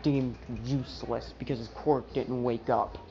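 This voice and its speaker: A bitter teenage boy , as a woman acts him out, blunt and resentful, with a low voice. The take sounds dull and lo-fi, with a faint hiss underneath. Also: steady tone, unhurried, creaky, dark tone, full character voice. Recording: dull lo-fi recording.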